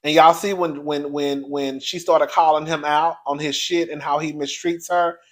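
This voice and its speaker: A man hosting his own video show, giving a blunt, profane, animated commentary straight to his viewers. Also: a little high, normal speed. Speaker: online show host reviewing reality TV.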